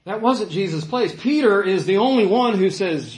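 A man preaching a sermon in an animated way, acting out the voices he quotes. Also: high-pitched, moderate pace. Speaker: pastor. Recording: echoey room.

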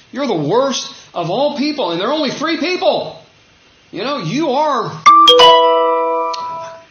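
A man preaching a sermon in a relaxed, conversational way, acting out quoted dialogue with his voice rising. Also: fairly high pitch, creaky, slight background noise. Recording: dull echoey room recording.

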